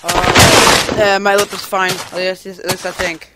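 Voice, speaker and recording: Here the male commentator's voice is high with little pitch movement, and he doesn't hurry. He rambles hyperactively over his gameplay in casual let's-play style, giggling and making random noises, in a noisy home recording.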